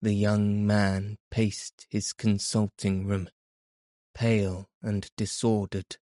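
Male audiobook narrator, measured, dark mellow tone, dry close sound. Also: fairly low pitch, flat delivery, dry recording. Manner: measured, deliberate.

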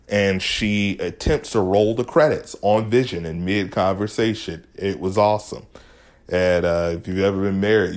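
A man hosting a show, casually recapping a TV episode with enthusiasm and retelling scenes in his own words. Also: deep voice. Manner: enthusiastic, chatty, retells scenes with quoted lines.

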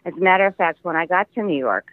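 Older midwest guy on a crackly phone line, kinda high voice, chatty, laughs a lot. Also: animated, fast, dry recording. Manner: chatty storyteller, laughs often. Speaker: guest actor. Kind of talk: casual interview over the phone. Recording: tinny phone line, dry.

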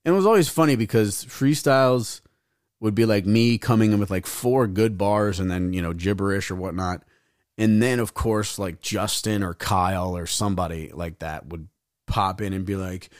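A man's voice: lowish voice, very animated, normal speed, no room sound. Young dude rambling thru a crude party story on his podcast, voice jumping all over, dry close mic. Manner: rambling, profane, acts out quoted voices. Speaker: podcast host. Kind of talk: casual storytelling.

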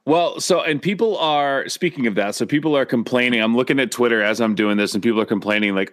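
A man's voice: mid-range voice, fast, few pauses, fairly bright tone. A man co-hosting a casual podcast chat, chiming in with jokes and short remarks. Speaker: podcast co-host. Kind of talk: casual chat about a TV episode.

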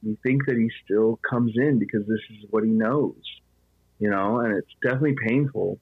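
A man with a husky, low voice tells a story in a loose, chatty way, peppered with "you know." The sound is flat and dull, like a lo-fi recording in a dead, dry space. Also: normal speed, no echo. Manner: conversational, fillers like "you know". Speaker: podcast guest telling a ghost story. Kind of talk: casual storytelling.

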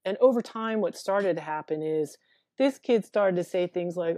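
A woman's voice: on the low side, moderate pace, warm tone, no room sound, clean studio sound. A woman therapist talking as a guest over a video call, hesitant and thoughtful, often restarting her sentences. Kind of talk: conversational interview.

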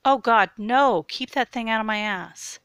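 A woman's voice: fairly high pitch, sing-song, moderate pace, pushed and bright, no room sound, pitched above the performer's own voice. Woman voicing a scared stammering young man. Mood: panicked.

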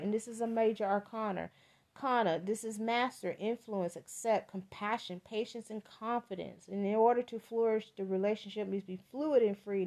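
A woman reads tarot cards in a loose, casual podcast style, mid-pitched and talkative. She leans on words, repeating them for emphasis, and lets profanity slip in freely. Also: darkish tone. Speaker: tarot reader.

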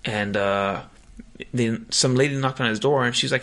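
A man's voice: medium pitch, moderate pace, fairly bright tone. A young man hosting a podcast, chatting casually and telling a rambling story full of slang and swearing. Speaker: podcast host. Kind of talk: casual chat.

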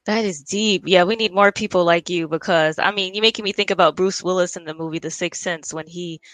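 A woman hosting a casual interview, thinking aloud in a relaxed way with many fillers. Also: on the low side, a little fast, no room sound. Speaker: podcast host.

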